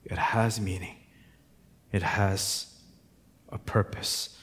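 A male pastor preaching a sermon, moving between quiet, reflective passages and loud, impassioned exhortation. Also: on the low side, steady tone, slow pace, in a large hall.

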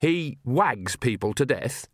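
A man voicing a brisk, nosy old country witch in a raised, chatty voice. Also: medium pitch, lively intonation, no echo, studio quality, exaggerated voice. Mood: amused. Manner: bright, chatty, cheeky.

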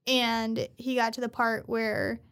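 A woman's voice: on the high side, slow. A young woman co-hosting a casual podcast, retelling an anime with lots of swearing and acted-out lines. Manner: profane, animated storyteller who acts out characters. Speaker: podcast co-host. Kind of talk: casual anime recap chat.

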